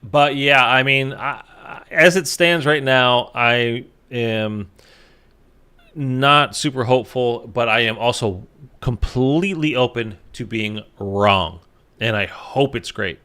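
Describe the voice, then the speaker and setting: His medium-pitched voice is sharp yet clear and resonant, and he takes his time talking about a game to his viewers. The gaming YouTuber rambles casually, uses plenty of fillers, swears now and then, and sounds short on sleep.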